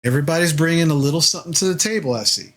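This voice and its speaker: A man voicing a calm, soothing middle-aged werewolf pack leader who speaks in an easy drawl. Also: fairly high pitch, racing. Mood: calm, reassuring.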